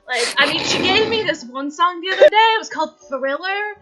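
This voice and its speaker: A woman voicing a dreamy, spaced-out young male bard who talks slowly and drifts from thought to thought. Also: very high-pitched, lively intonation, music in the background, pitched above the performer's own voice. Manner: slow, drifting, wide-eyed delivery.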